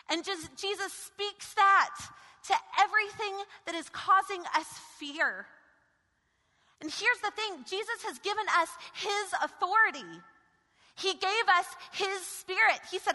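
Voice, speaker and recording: A woman preaching a sermon in a high, bright voice. She moves from loud, forceful commands to quiet, intimate passages. Her voice rings through a church with long reverb. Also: expressive, unhurried. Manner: dynamic, shifting from shouted commands to hushed intimacy. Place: church sanctuary.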